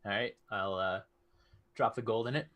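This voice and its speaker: A man's voice: fairly low pitch, normal speed, fairly bright tone. Casual male tabletop player. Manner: casual, hesitant, describes his moves. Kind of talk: tabletop role-play.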